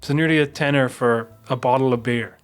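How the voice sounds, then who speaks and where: A man's voice: mid-range voice, fairly quick, clean tone, soft background music. A man on a podcast telling a long, rambling anecdote with plenty of swearing. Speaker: podcast co-host. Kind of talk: casual podcast chat.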